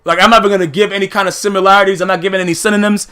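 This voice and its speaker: High, bright-voiced man ranting profanely. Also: level tone, rapid-fire, smooth. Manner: blunt, profane, heated, lots of filler phrases. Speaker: YouTube sports commentator. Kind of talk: profane football recap rant.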